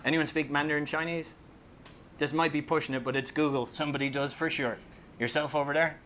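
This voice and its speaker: Irish guy doing a jokey talk, bright voice, tells stories and does voices, faint rumble behind. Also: fairly quick. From Ireland. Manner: joking, storytelling, acts out voices and rises high when excited. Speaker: author giving a talk on public speaking. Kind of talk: comic presentation to an audience.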